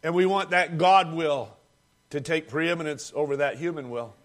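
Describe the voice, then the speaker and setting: A man's voice: a little high, normal speed. A man preaching a sermon, telling a story dramatically and calling the congregation friends.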